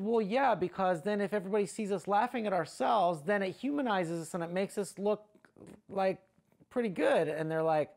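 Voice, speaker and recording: A man's voice: sits high, moderate pace, gravelly. A man, a comedian, explaining his views thoughtfully in an interview.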